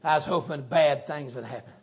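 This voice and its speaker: High-voiced Southern preacher man, folksy. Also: fairly quick. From Southern United States. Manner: folksy, joking, animated preaching. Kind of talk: sermon.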